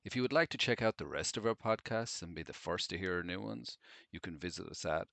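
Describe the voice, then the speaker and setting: A man's voice: low-pitched, lively intonation, fairly quick, creaky, fairly bright tone, no echo. A man reading a scripted podcast outro, delivering the promo lines evenly. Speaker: show announcer.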